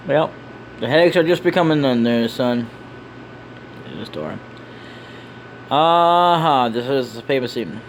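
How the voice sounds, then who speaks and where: A man's voice: medium pitch, lively intonation, measured pace, pauses often, slight background noise, rough recording. A man doing casual let's-play commentary, reading every character's game dialogue aloud with joking, off-hand asides.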